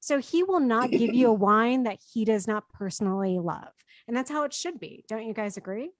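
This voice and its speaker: A woman's voice: fairly high pitch, expressive, brisk, no echo. A woman hosting a casual podcast chat, talking freely and steering the group to the week's stories. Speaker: podcast host.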